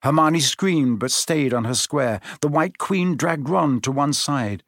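Guy narrating a storybook, steady measured read, dry close mic. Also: on the high side, no room sound. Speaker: audiobook narrator.

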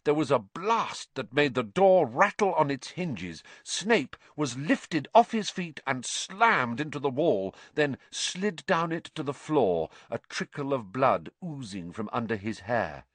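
A man reads a story aloud as narrator, with expressive delivery. His pitch moves a great deal through each sentence. The recording is close and dry. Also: measured pace, few pauses, no room sound. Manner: expressive reading. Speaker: audiobook narrator. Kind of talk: scripted narration.

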